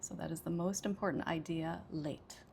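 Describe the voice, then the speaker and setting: A woman with an American accent gives an English lesson at a slow, careful pace, pausing often to check in with "okay". Her voice has a gravelly edge of vocal fry. Faint noise sits under the recording. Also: medium pitch. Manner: patient, explanatory, frequent "okay" and "uh". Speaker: ESL teacher.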